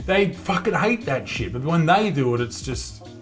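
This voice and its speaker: A man's voice: a little high, big pitch swings, moderate pace, faint music behind. A young Australian man doing comedic commentary, sarcastic and profane as he mocks what he reads. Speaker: comedian reviewing social media posts.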